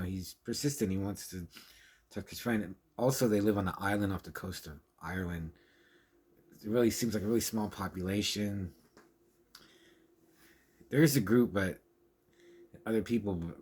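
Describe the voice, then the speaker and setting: A man's voice: lowish voice, darkish tone, husky. A man giving a casual, rambling spoken film review, chatty and laughing often.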